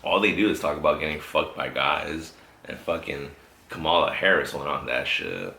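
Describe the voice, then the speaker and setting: A man's voice: very deep voice, animated, moderate pace, gravelly, bright, forceful tone. A man hosting a podcast, telling a rambling story with lots of swearing in casual chat. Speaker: podcast host. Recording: echoey room, faint noise.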